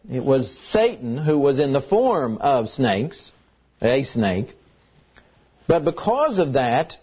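In a slightly high voice, a man gives a sermon that feels like a Sunday evening service, stressing individual words heavily and repeating them. The pastor's recording has a dull, lo-fi sound.

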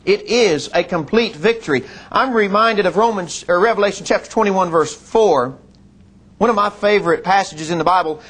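A middle-aged preacher, his voice sitting high for a man. He preaches earnestly, telling stories and quoting scripture, and he slows down and drops low on solemn lines. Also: fairly bright tone, slightly rough. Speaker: pastor. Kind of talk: sermon.

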